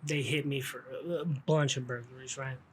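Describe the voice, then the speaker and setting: A man's voice: medium pitch, steady tone, moderate pace, breathy edge. A middle-aged man telling a rambling story about his past, full of street slang and restarts. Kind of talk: casual storytelling.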